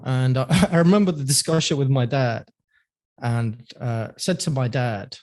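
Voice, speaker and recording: A man's voice: mid-range voice, a little slow, darkish tone. Chatty man. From London, England. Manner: chatty, laughs often, many fillers. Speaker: podcast guest. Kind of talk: casual interview storytelling.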